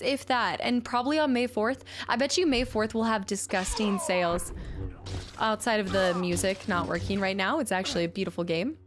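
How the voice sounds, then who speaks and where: A woman streaming a video game, chatting and reacting excitedly as she plays. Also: medium pitch, background noise. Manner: chatty, excitable, jumps between chat and gameplay. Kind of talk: live-stream chat while playing.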